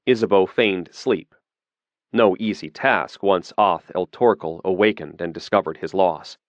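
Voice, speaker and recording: A man reading a fantasy audiobook in a steady, measured narration. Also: low-pitched, dry recording, highs cut off.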